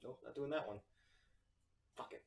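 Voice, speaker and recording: A man running a tabletop game as game master, narrating in a relaxed, hesitant way with many fillers. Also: medium pitch, normal speed, creaky, recorded from a distance. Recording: echoey room, voice off-mic, faint music.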